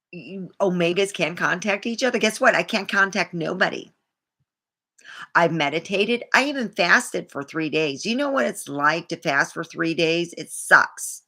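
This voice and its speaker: A woman's voice: sits low, sharp tone. A woman vlogger talking in a rambling, indignant way, swearing freely as she tells a personal story. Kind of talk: casual monologue to camera.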